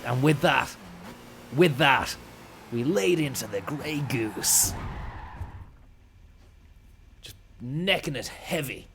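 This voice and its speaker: A young Irish man rambling through an absurd, profane comic monologue in a deadpan way. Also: mid-range voice, takes it slowly, pauses often, a little hiss or hum. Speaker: comic storyteller.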